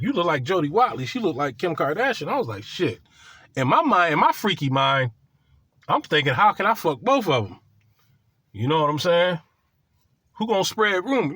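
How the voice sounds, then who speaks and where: Man, casual storytime, profane and boastful, raised pitch, dry close sound. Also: bright, forceful tone, husky, dry recording.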